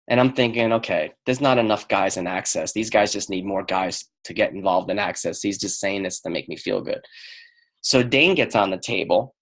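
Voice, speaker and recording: A middle-aged man telling a personal story on a call, acting out the lines of the people in it. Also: fairly low pitch. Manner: animated storyteller acting out quoted dialogue. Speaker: speaker on a call.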